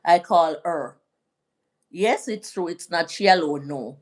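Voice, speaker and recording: A woman's voice: lowish voice, slow. Chatty middle-aged woman from Jamaica. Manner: chatty, rambling, gives shout-outs to viewers. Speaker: vlog host. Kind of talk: casual live-stream chat.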